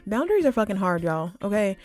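A woman's voice: medium pitch, big pitch swings, fast, darkish tone. A woman hosting a casual solo podcast, chatting informally, often saying "like" and "y'all" and swearing freely. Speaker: podcast host.

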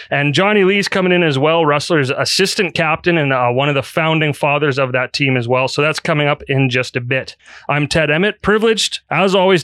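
Jokey host, crisp, bright tone, laughs easily; clean dry mic. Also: male voice, a little high, dry recording. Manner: jokey, upbeat, quick to laugh. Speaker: podcast host. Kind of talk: casual podcast chat. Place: podcast studio.

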